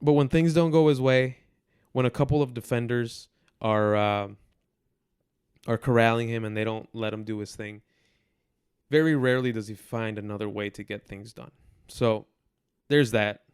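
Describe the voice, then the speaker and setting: Young male podcast host, mid-pitched, blunt football rants, crisp voice, dry close sound. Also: steady tone, moderate pace, long pauses, a little mellow, dry recording. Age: 20s. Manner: frustrated, blunt, repeating himself for emphasis. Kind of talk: football commentary monologue.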